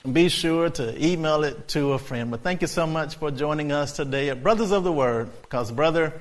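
A man preaching a sermon, storytelling in a conversational way before building to loud, excited preaching. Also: on the high side, moderate pace.

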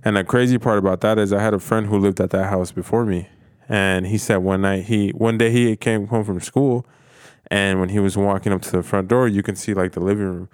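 A low-pitched man swaps stories in loose, profane talk, full of fillers and restarts. The sound is dry and close, with no room around it. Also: fairly even intonation, brisk, clear, resonant tone, dry recording. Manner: profane, rambling storyteller. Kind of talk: casual chat.

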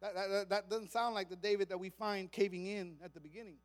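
A man with a very high voice preaching a sermon. He moves between soft, conversational stretches and loud, shouted bursts, acting out quoted scripture with dramatic emphasis. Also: steady tone, fast talker, few pauses. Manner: acts out quoted psalm lines with dramatic emphasis. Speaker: pastor.

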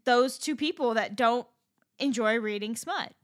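A woman's voice: on the high side, a little slow. A woman co-hosting a podcast in casual chat, chiming in with dry, wry remarks. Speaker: podcast co-host.

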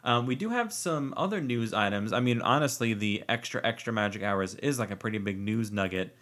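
Low-voiced man rambling on a podcast. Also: animated, fairly quick, a bit bright. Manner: rambling, self-interrupting, joking. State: warm and sweaty, fanning himself. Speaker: podcast co-host. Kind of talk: casual chat.

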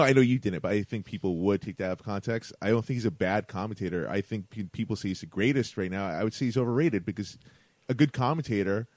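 Man, fairly low voice, halting and repetitive, dry close mic, casual podcast chat. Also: a little mellow, no echo. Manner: halting, repeats words while thinking. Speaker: podcast co-host.

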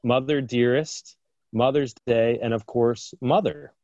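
A man co-hosting a podcast, joking in a dry, deadpan way in casual banter. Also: medium pitch, a little slow, dry recording, muffled recording. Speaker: podcast co-host.

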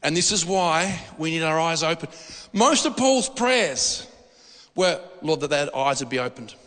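A man preaching a sermon, animated and emphatic, repeating words for stress. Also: on the high side, a little slow. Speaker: pastor. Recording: hall reverb.

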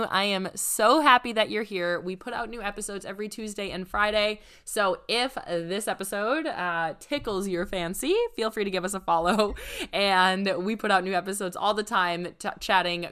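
Hoarse, congested woman podcast host. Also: mid-range voice, pushed and bright. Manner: upbeat, chatty, emphatic. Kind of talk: casual podcast chat.

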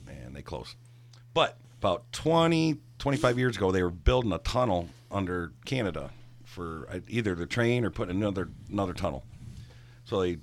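A middle-aged man telling a long, rambling, profane story from his bartending days in casual chat. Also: deep voice. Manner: profane, rambling, animated when worked up. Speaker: guest storyteller, former bartender.

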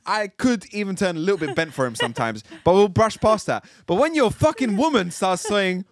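A man's voice: high-pitched, fairly quick, few pauses, no echo, studio quality. A man, co-hosting a casual podcast and ranting in mock outrage. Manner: animated, joking rants with mock outrage. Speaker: podcast co-host.

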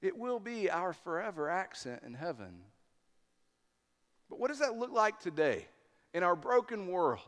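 A high-pitched man preaching slowly, with a smooth, clear voice. His deliberate, emphatic delivery rings through a big hall with a long echo. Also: sing-song, a bit bright. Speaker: pastor. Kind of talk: sermon.

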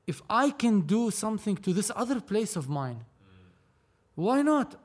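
A man's voice: sits high, very animated, measured pace. A man from Lebanon, talking animatedly as a podcast guest, repeating himself as he goes. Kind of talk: casual conversation.

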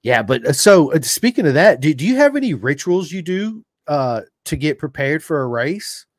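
An excitable man from Virginia with an American accent, telling animated stories in a casual interview. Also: on the high side, normal speed, no echo, clean studio sound. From Roanoke, Virginia, USA.

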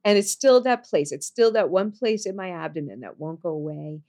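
A woman telling a personal story in conversation, earnest, going soft and low on serious moments and jumping high when she quotes people. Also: fairly quick. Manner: animated, jumps high when quoting people.

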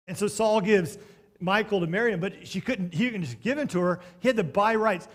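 A man preaching a storytelling sermon, swinging between loud bursts and hushed moments, with joking asides to the congregation. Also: sits high, fairly quick.

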